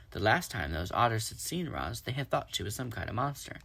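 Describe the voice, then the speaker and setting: A man reading a children's storybook aloud in steady storytelling. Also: lowish voice, brisk, gravelly. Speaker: reader.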